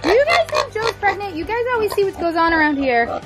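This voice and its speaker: High-voiced chatty young woman outdoors. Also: a little fast, music in the background. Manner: chatty and excitable, full of "like" and "I don't know"; talks to her animals. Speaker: farm vlogger. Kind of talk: casual vlog chat to camera. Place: outdoors on a farm pasture.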